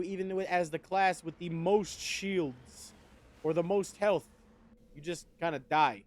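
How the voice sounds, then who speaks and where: A man streaming a video game, chatting casually and wryly to viewers, swearing freely as he plays. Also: high voice. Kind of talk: casual gameplay commentary.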